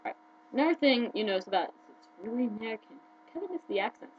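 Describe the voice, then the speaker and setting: Chatty woman on a dull lo-fi recording. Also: slight background noise. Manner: chatty and excitable, with quick jumps in pitch. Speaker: video blogger. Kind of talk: casual fan chat to camera.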